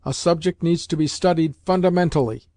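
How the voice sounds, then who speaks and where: A man's voice: a little high, a little fast, a little mellow, dry recording, clean studio sound, pitched above the performer's own voice, close to an everyday voice. A man voicing a stern, condescending male professor who speaks in a clipped, scolding way.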